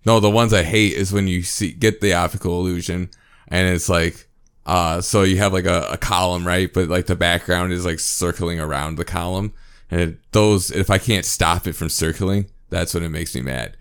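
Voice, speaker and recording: A man's voice: deep voice, steady tone, normal speed, a bit bright, clean tone. A man co-hosting a casual podcast chat, rambling with many restarts and getting worked up when frustrated.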